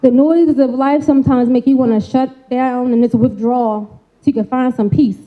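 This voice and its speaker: Woman speaker, high voice, energetic, call-and-response with the audience, folksy phrasing, dull lo-fi recording. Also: normal speed. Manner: energetic, coaxing call-and-response, frequent "right?" tags. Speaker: speaker giving a talk on mental health. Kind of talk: interactive live talk to an audience. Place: event stage before a live audience.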